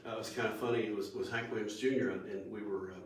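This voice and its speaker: A man's voice: on the low side, fairly even intonation, quick pace. A man who is a country singer, telling stories in a folksy, stop-and-start way during a casual interview. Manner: folksy storyteller with many restarts. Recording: echoey room, far from the mic.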